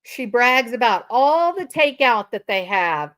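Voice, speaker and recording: A woman's voice: on the high side, big pitch swings, a little slow, hardly any pauses, fairly bright tone. An older woman hosting a commentary channel, answering viewer comments with sarcastic indignation. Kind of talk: reaction commentary to live-stream chat.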